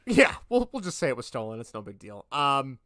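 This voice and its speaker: Rambling man excitedly recapping movie scenes. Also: mid-range voice, fairly quick, dry recording, clean studio sound. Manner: thinks aloud while looking things up. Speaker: podcast co-host. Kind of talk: casual chat.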